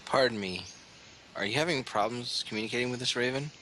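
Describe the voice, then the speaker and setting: A man's voice: mid-range voice, a little fast, pushed and bright, slight background noise. A man playing his character in a tabletop game, courteous and inquiring in character. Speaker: player. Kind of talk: in-character tabletop role-play.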